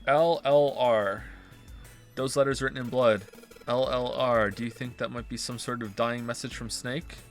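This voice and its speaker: A man's voice: mid-range voice, level tone, normal speed, faint music behind. A male streamer reading a visual novel's text aloud and breaking off into wry, sarcastic asides.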